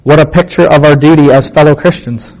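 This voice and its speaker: A man's voice: on the high side, steady tone, brisk, darkish tone, poor audio. A man teaching a Bible passage in a casual sermon, asking rhetorical questions and repeating points for emphasis in plain, conversational words.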